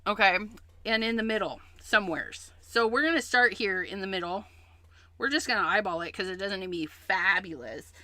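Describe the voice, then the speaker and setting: A woman's voice: medium pitch, moderate pace, bright, forceful tone, no room sound. A woman hosting a craft livestream, chatting casually as she explains each step she works on.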